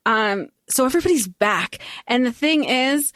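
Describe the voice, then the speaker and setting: A woman co-hosting a casual podcast, bubbly and quick to laugh. Her voice sits a bit high and swings widely in pitch. The sound is dry and close. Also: no echo. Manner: bubbly, laughs often, excitable. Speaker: podcast co-host. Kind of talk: casual chat.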